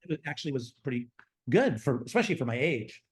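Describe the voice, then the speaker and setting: A man in his sixties who designs theme parks talks fast in a mid-range voice, recounting stories from his life during an interview. He's animated, acting out the voices and dialogue of the people he quotes as he tells each story in conversation.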